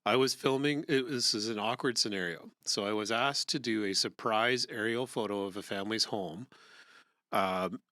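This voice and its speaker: Man, co-host, chatty, rambling, lowish pitch, dry sound. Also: pushed and bright, no room sound. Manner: chatty, rambling, quick to laugh. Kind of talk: casual chat.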